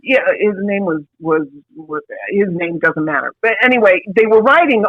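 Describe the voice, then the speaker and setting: A woman's voice: medium pitch, moderate pace, no room sound, dull audio. A woman coach telling a personal story in a candid, confessional way, rambling with asides. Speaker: passion coach.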